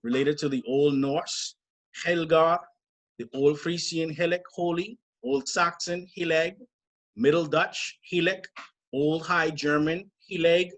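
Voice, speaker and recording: Middle-aged male preacher, slightly high voice, measured and emphatic scripture teaching. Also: fairly even intonation, fairly bright tone. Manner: deliberate, emphatic, spells out word origins. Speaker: church teacher. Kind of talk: scriptural study sermon.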